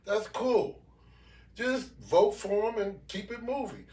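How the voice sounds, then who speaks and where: A man with a fairly high voice chats bluntly and profanely, animated as he rants. He sits back from the mic, and the room rings around him. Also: slow pace. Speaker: podcast co-host. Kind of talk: casual chat. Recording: echoey room, mic at a distance.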